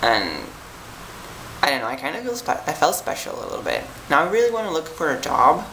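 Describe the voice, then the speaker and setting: A young adult from Italy rambles through a casual vlog, worn out and filling every pause with "like" and "um". The voice is bright with a gravelly fry underneath. It is recorded in an echoey room with a faint hum behind it. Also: medium pitch, very animated. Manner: rambling, chatty, lots of "like" and "um". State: tired. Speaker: vlogger. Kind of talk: casual vlog chat to viewers.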